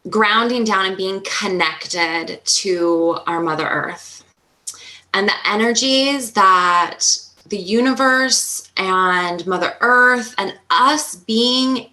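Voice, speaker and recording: Slow, bright-voiced woman guide. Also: medium pitch. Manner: slow, earnest, spiritual. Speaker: guest, retreat guide. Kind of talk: casual chat.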